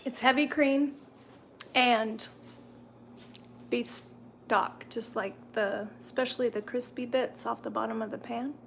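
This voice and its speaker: A woman's voice: a little high, fairly even intonation, takes it slowly, vocal fry, long pauses, a little hiss or hum. A woman hosting a casual live stream from home, chatting and answering viewer comments while she eats, sometimes talking through a mouthful. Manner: talks while chewing.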